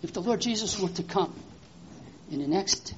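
An animated children's preacher who exclaims and keeps asking the kids questions. The voice sits at a middle pitch, and the recording is dull and lo-fi with faint hiss underneath. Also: normal speed. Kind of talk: children's sermon with object lesson.

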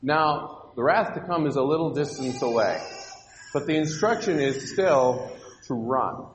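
A man's voice: mid-range voice, expressive, a little slow, a little hiss or hum. A man teaching an interactive Bible lesson to children in a church hall, upbeat and coaxing, directing the kids with questions. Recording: echoey hall with long reverb.

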